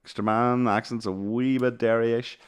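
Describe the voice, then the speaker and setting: A man's voice: mid-range voice, little pitch movement, unhurried, clean tone. A Northern Irish man in his thirties telling stories in a casual, sweary chat, laughing often. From Northern Ireland. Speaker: podcast host.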